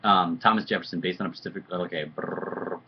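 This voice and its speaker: A man's voice: sits low, fast, slightly rough, highs cut off. A man chatting casually on a live video stream, answering fan questions in a loose, joking, rambling way. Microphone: computer webcam mic.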